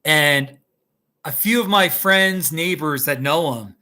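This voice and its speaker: An American YouTube host with a highish, sharp-toned voice speaks slowly during a casual live stream from his home kitchen. He rambles and laughs often while chatting with viewers.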